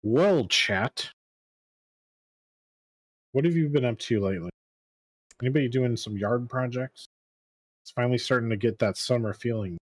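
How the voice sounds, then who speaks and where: A man's voice: mid-range voice, moderate pace, pauses often, no room sound. A man co-hosting a game livestream, chatting casually with viewers in an easygoing way. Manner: easygoing, laughs often. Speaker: stream co-host. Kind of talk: casual livestream chat, reading chat aloud.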